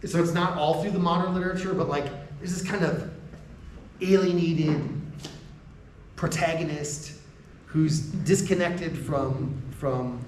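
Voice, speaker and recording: Here a man from the United States talks to university faculty in a lecture room, laughing between points, restarting his sentences, and often checking in with "right?". His slightly high voice stays fairly even and unhurried, heard distantly in an echoey room with a faint hiss or hum.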